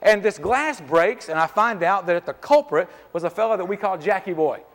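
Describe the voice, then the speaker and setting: Middle-aged male pastor, high voice, lively and jokey sermon delivery, long church-hall reverb. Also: normal speed. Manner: lively, conversational, joking, peppered with "man". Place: church sanctuary.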